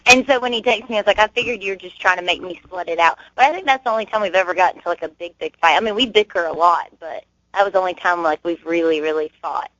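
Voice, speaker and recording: A woman's voice: lowish voice, fast talker, a bit bright, no echo. A young woman chats as a guest, laughing her way through long, rambling anecdotes. The sound is dull and dry, like an old web radio stream. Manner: giggly, rambling storyteller. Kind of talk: casual interview chat.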